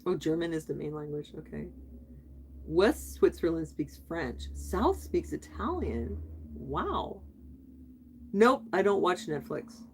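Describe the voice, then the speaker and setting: Taking it slowly, a middle-aged woman with a somewhat low voice hosts an easygoing live chat, reading and answering viewer comments, often asking questions back and bursting into laughter. There's slight background noise.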